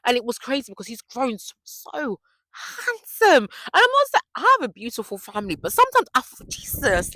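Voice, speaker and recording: A young woman chatting to camera in a faith vlog, telling stories in an excitable, gushing way. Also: high-pitched, fairly quick, dry recording. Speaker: faith vlogger. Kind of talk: casual chat to camera.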